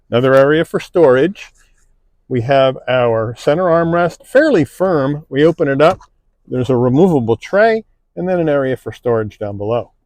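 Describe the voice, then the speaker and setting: A man narrating a car review, calmly listing interior features one by one, recorded inside a car. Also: medium pitch, no room sound. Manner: relaxed, plain-spoken, listing features one by one.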